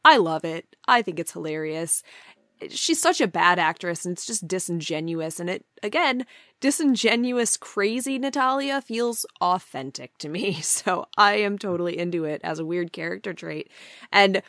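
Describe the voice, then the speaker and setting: A woman's voice: lowish voice, animated, moderate pace, a bit bright, dry recording, studio quality. A woman co-hosting a wrestling podcast in casual chat, enthusiastic and opinionated, often giggling.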